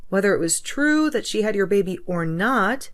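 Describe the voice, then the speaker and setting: A woman's voice: mid-range voice, animated, moderate pace, close to an everyday voice. A woman playing a betrayed young woman who speaks firmly and coldly to her cheating ex, in a narrated story drama. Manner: firm, scolding.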